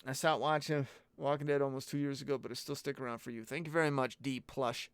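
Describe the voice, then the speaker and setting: A man's voice: mid-range voice, fairly even intonation, fast talker, clean tone, no echo. A man hosting a casual live-stream Q&A, talking bluntly and rambling, with plenty of swearing. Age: adult parent. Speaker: host answering viewer questions.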